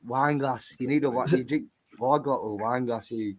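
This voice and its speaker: A man's voice: medium pitch, normal speed, background noise. A man on a call-in stream, mocking and needling the other caller with sarcasm during a heated casual argument.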